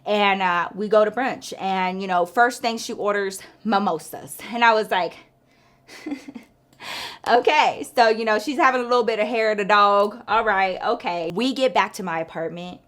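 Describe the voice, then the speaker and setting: A woman's voice: medium pitch, brisk, hardly any pauses, fairly bright tone. A woman spinning a story for her viewers in a loose, chatty way. Her talk is salty and profane, strung together with one filler after another. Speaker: storytime vlogger. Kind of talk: casual storytelling.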